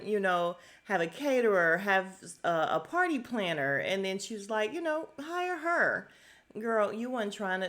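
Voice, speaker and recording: A woman's voice: medium pitch, fairly bright tone. A middle-aged woman hosting a podcast from home, casually recapping a reality show with blunt, sassy asides and laughs.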